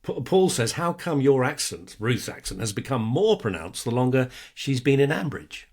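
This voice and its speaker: A man's voice: mid-range voice, sing-song, normal speed, darkish tone, breathy edge. A man co-hosting a podcast, reading listener questions aloud and laughing often. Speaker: podcast co-host. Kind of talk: casual interview chat.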